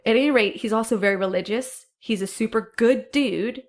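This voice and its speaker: A woman's voice: fairly high pitch, fairly quick. A woman co-hosting a podcast, telling a history story in a casual, chatty way with laughs and the odd swear word. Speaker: podcast co-host.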